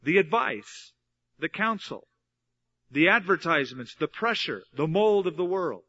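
A man delivers a sermon as a pastor, teaching earnestly and pressing his points through repetition. His voice sits a little high and has a bright, forward edge. The recording sounds dull and lo-fi. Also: expressive, measured pace. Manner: earnest, explanatory Bible teaching with emphatic repetition.

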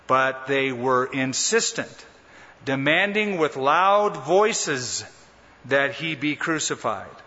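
A man's voice: a little high, lively intonation, a little slow, pushed and bright. A man preaching a sermon as pastor, emphatic and dramatic, stretching out key words. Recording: muffled sound in a reverberant hall.

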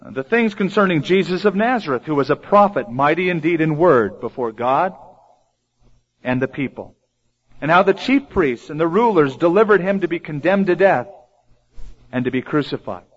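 A man preaching a sermon in a lively way, acting out the lines he quotes in different voices. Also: a little high, moderate pace, husky. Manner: animated, acts out quoted lines in varied voices. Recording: dull lo-fi recording.

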